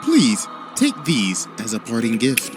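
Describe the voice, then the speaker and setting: A man voicing a cold, formal woman maid who is deadly, with stiff and mannered speech, pitched well below his own voice. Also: huge pitch swings, measured pace, loud music behind the voice.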